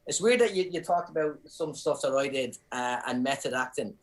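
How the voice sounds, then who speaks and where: An Irish man talks casually on a podcast, spinning anecdotes with lively energy. He often restarts his sentences as he goes. His voice sits in a middle pitch. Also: normal speed, rough recording. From Ireland. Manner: animated storyteller, many restarts. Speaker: guest comedian and actor.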